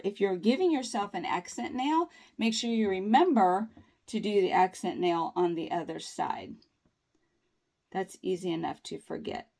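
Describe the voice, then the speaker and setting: A woman's voice: mid-range voice, creaky, darkish tone. Chatty woman showing nails. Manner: chatty, upbeat and reassuring. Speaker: nail tutorial vlogger. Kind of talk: casual tutorial talk.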